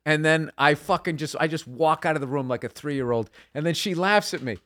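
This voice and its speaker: A man's voice: a little high, fairly quick, fairly bright tone. A man talking as a guest comedian in a casual interview, rambling and swearing often as he acts out voices from his stories.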